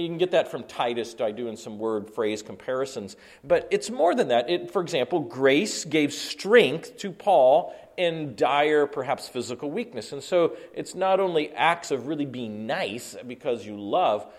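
A middle-aged man preaching an earnest sermon, often repeating and restarting his words. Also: fairly high pitch. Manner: earnest, repetitive stammering restarts. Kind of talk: sermon teaching.

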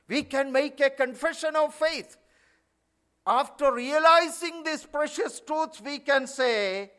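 A man's voice: very high voice, takes it slowly, bright, forceful tone. A male preacher giving an emphatic sermon, often adding "you know".

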